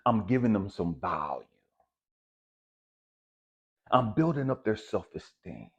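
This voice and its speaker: A man giving a raw, profane personal testimony, swinging between hushed and loud. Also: on the low side, sing-song, slow, breathy edge, lo-fi sound. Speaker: speaker sharing a personal testimony.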